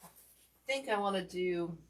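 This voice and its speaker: Speaking at a moderate pace in a voice on the low side, a woman leads a live wreath-making demonstration. She's chatty and self-deprecating, addressing viewers directly.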